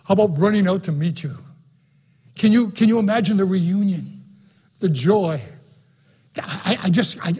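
A man delivers a sermon with a husky, slightly rough tone. His voice sits high for a man. He preaches with fervor, repeating phrases for emphasis. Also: normal speed, pauses often, a little mellow. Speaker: pastor. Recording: broadcast sermon.

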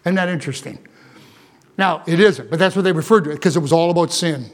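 A male pastor preaches to a church congregation in a fairly high voice. He talks in an animated way, with asides and quick restarts as he explains a passage. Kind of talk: sermon.

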